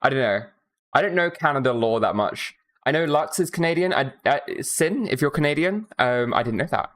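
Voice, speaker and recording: A streamer from Minnesota giving casual, rambling commentary while playing a game, swearing often and tossing in quick asides. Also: mid-range voice, lively intonation.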